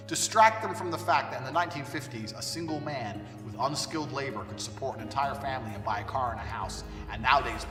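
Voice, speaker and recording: A man delivering a blunt, profane ranting monologue, his delivery forceful and swinging between loud and quiet. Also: medium pitch. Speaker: commentator on culture. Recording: distant, echoey room with long reverb and faint music.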